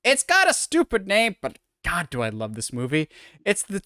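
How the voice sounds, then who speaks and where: A man's voice: high voice, wildly swooping pitch, moderate pace, sharp tone, dry recording, clean studio sound. A man co-hosting a podcast, rambling through an opinionated film breakdown in casual chat. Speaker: podcast co-host.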